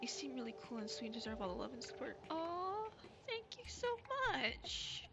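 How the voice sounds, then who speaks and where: A woman streamer chatting casually with her viewers, soft and gushing, stumbling over ums and restarts, still getting over a cold. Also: sits high, big pitch swings, moderate pace, gravelly. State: recovering from a cold. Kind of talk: casual live-stream chat. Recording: streamer's mic with music behind.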